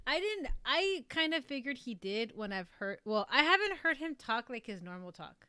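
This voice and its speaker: A woman's voice: fairly high pitch, big pitch swings, normal speed, few pauses, pushed and bright, clean tone. A woman voice actress chatting casually on a livestream, rambling with lots of fillers and self-corrections. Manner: reads viewer comments aloud. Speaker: streamer and voice actress.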